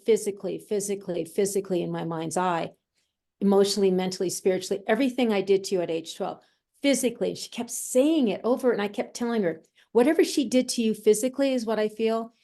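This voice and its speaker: A woman who works as a medium and healer, a guest in an interview, telling stories in a lively way and acting out the voices she quotes. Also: medium pitch, creaky. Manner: animated storyteller who acts out quoted voices. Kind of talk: conversational storytelling.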